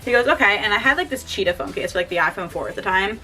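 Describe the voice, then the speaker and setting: A young woman vlogger telling an excited story at home, gushing and saying "like" constantly. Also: mid-range voice, racing, soft background music. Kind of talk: casual story time.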